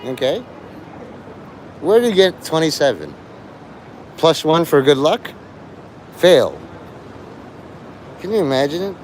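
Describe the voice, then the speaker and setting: A man's voice: on the high side, a little mellow, a little hiss or hum. A man hosting a livestream, lecturing and taunting his chat like a mock teacher.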